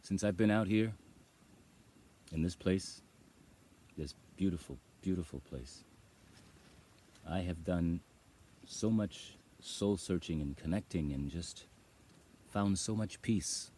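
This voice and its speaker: A man's voice: sits low, slow, pauses often, warm tone, a little hiss or hum. A man vlogging outdoors on a rural farm, rambling in casual talk and laughing as he acts out voices.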